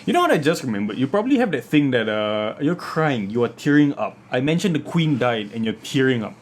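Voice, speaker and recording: A man's voice: mid-range voice, sing-song. A man hosting a late-night podcast in a casual, joking, teasing way. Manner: joking, teasing, jumps between slow and rushed. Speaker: podcast host.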